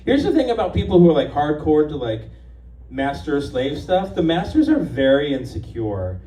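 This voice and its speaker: Chatty, self-mocking male comic in his fifties, mellow and a bit high, heard from afar in an echoey bar. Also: very animated, normal speed, recorded from a distance. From Los Angeles area, USA. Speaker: stand-up comedian. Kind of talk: live stand-up set. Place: stage of a bar. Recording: echoey bar room from afar, faint noise.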